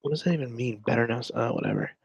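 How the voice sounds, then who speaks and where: A man's voice: medium pitch, racing, husky, dry recording, highs cut off. This is a man in casual podcast chat, reacting to chat logs he reads aloud. He rambles, swears, and breaks off mid-thought before starting again. His voice sits mid-range and the recording is close and dry, with no room sound. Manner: rambling, crude, trails off and restarts. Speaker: podcast co-host.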